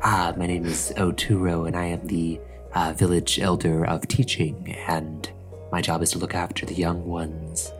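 A deep-voiced, unhurried old village elder who looks after the young ones, as a man puts him on. He speaks softly and soothingly, near a murmur, for a tabletop-style story game, with faint music behind. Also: little pitch movement, lightly acted. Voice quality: soft, soothing, slow. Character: calm old male village elder who teaches children.

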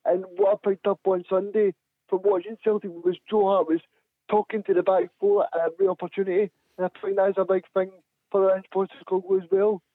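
A man's voice: high voice, little pitch movement, a little fast, no room sound. A man calling into a radio phone-in, enthusiastic and stumbling over his words, heard over a phone line. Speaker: caller. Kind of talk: phone-in call. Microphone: telephone.

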